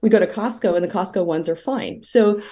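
A woman's voice: medium pitch, fairly quick, dark tone. A woman being interviewed as a holistic practitioner, telling long stories in a conversational way. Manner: talkative, tells stories at length.

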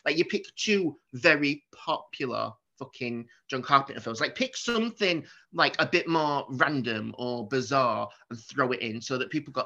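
Animated man, bright voice. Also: medium pitch, normal speed, gravelly, few pauses, dull audio. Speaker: podcast co-host. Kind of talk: casual chat, film review.

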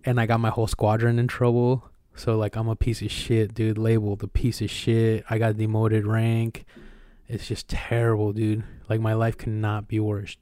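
At a moderate pace, a young podcast co-host recounts a personal story in casual chat, animated and heavy on profanity. The audio is dry and close to the mic with no room sound, capturing his smooth, clear, evenly pitched voice.

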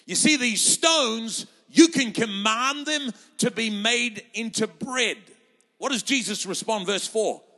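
A man's voice: very high-pitched, takes it slowly, bright, forceful tone. A man preaching a sermon as pastor, fervent and rousing, quoting scripture and acting out voices for the crowd. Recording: reverberant hall.

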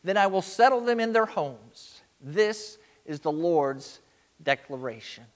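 A male pastor delivers a sermon in an earnest, emphatic way. His voice sits fairly high for a man and he speaks slowly, drawing out the words he wants to land. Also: animated.

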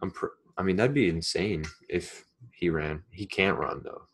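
A young man chatting casually, relaxed and rambling, with hesitant restarts. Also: low voice, normal speed, low-quality recording. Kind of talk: casual chat.

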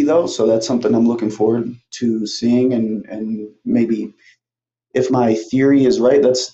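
A young man with a warm, medium-pitched voice retells a movie plot on his podcast, casually rambling, swearing freely, and voicing the characters' lines. It's a muffled, roomy home recording.

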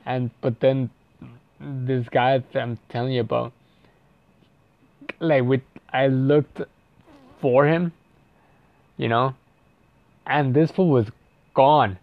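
A man's voice: mid-range voice, steady tone, slow pace, pauses often, no room sound, lo-fi sound. Rambling, profane young man telling a story. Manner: rambling and profane, full of "like" fillers and restarts. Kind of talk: casual storytime.

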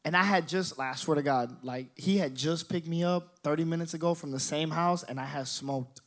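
A young man telling a story in an animated, profane way, acting out other people's voices. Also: on the high side, fairly quick. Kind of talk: storytelling monologue.

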